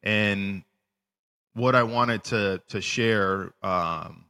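A man co-hosting a casual faith podcast, animated and lively, who stumbles and restarts his words. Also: fairly low pitch, extremely slow, clear, resonant tone, big-room sound. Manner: animated, acts out voices in retellings, restarts words. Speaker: podcast co-host. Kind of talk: casual faith discussion with scripture reading.

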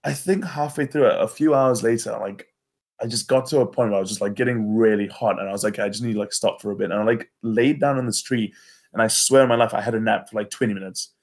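A young man telling friends a wild hiking story in casual chat, animated, swearing often and saying "bro" and "like". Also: medium pitch, quick pace.

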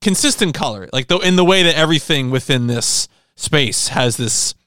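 A man's voice: a little high, lively intonation, moderate pace, sharp tone, no room sound. Male podcast co-host, clean dry mic, meandering casual chat with lots of "like". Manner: rambling, hedging with many fillers.

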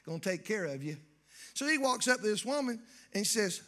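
A man preaching a folksy, joking sermon in church that builds to shouting. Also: high voice, big pitch swings, fairly quick. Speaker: pastor.

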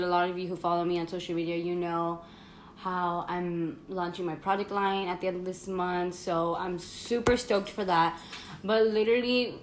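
A woman's voice: medium pitch, a bit bright, roomy sound, a little hiss or hum. A woman hosting her own podcast in casual, rambling chat full of fillers, talking while she eats at home. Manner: chatty, rambling, many fillers and laughs. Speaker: podcast host.

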